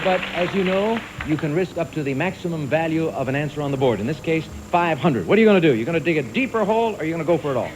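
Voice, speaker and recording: A man hosting a quiz show, briskly reading clues and calling on contestants. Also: sits high. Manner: brisk, lively and animated. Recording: archival TV audio with faint hiss.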